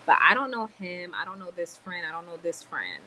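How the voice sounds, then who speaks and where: A woman ranting in a casual vlog, blunt and animated, swearing and then apologizing for it. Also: lowish voice, fairly quick, slight background noise, rough recording. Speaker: vlogger. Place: home in the Dominican Republic, quiet ambience.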